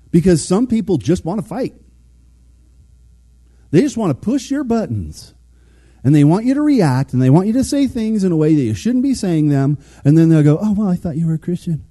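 A man's voice: on the high side, moderate pace, pauses often. A man giving a casual, conversational sermon, acting out little quotes as he goes. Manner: animated, conversational, acts out quotes. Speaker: preacher.

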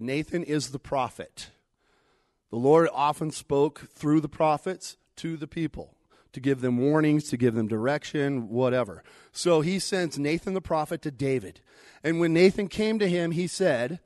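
A man preaching a sermon in a conversational way, swinging between loud emphatic lines and hushed ones as he retells a scripture story. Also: a little high, no room sound, studio quality.

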